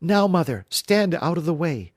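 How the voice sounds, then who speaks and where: A man voices an eager young boy hero, pitching himself above his natural voice, calling out urgently with raised shouts. His mid-range delivery swings widely in pitch at normal speed, a little mellow, captured on a dry, clean studio recording.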